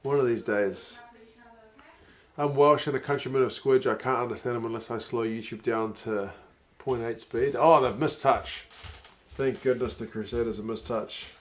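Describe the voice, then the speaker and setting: A relaxed man talks his way through a live stream, reading viewer comments out loud and replying in an easygoing, mid-pitched voice. He chuckles often and gets briefly excited when something happens in the match. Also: moderate pace. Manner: relaxed and conversational, with bursts of excitement at plays.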